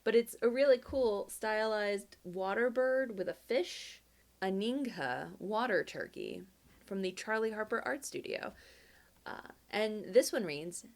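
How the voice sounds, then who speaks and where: A woman chatting casually as she reads out viewer postcards, animated and quick to jump up in pitch with delight. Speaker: video creator reading fan mail. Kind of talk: casual chat, reading postcards aloud.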